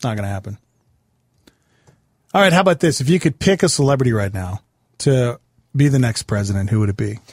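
Teasing deadpan man radio host. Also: mid-range voice, brisk, pauses often, husky, dry recording, studio quality. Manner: teasing, deadpan, then loud hype. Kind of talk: casual studio banter. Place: radio studio.

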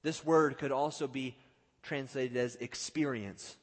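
A male pastor preaching a sermon, swinging from loud outbursts to hushed, drawn-out lines and acting out the quotes. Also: medium pitch, fairly even intonation. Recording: long hall reverb.

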